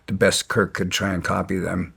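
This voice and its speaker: Guy with a gravelly voice, kinda low, blunt and resentful, stumbling over his words while he tells his story. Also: flat delivery, moderate pace, a bit bright. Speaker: interview guest. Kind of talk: casual storytelling.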